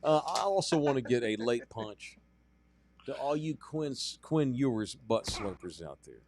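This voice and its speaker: A man's voice: medium pitch, sing-song, a little slow, a little mellow, slight background noise. A man co-hosting a sports podcast, talking bluntly and profanely in casual chat. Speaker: podcast co-host.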